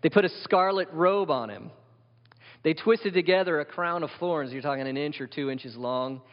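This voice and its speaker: Preaching a sermon at normal speed, this man has a slightly high voice. He speaks emphatically and keeps asking his listeners questions, one after another. The recording is dull and carries long hall reverb.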